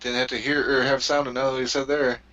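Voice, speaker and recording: A man's voice: medium pitch, little pitch movement, fast talker, sharp tone, dull audio. Crude, laughing podcast co-host man. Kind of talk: casual chat watching wrestling.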